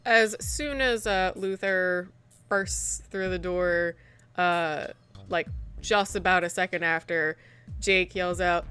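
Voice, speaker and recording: A woman's voice: lowish voice, steady tone, slow, fairly bright tone, smooth, faint music behind. A woman running a tabletop horror game as game master, narrating scenes and calling for rolls in an easygoing, matter-of-fact way.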